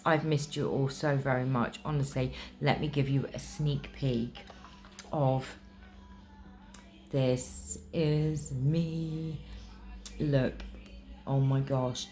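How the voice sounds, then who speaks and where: Middle-aged woman from England, very low voice, warm gushing chatty vlogger, recovering from illness. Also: fairly even intonation, takes it slowly, pauses often, faint music behind. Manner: gushing, emotional, chatty with many ums. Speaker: craft vlogger. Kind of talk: casual chat to camera.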